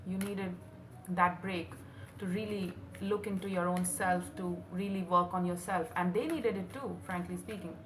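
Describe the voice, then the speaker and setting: Low-voiced woman giving an emotional tarot reading. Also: fairly even intonation, moderate pace, a bit bright. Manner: earnest, emotional, addresses listener as honey. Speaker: tarot reader. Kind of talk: intuitive tarot reading to viewers. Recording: roomy echo, faint room noise.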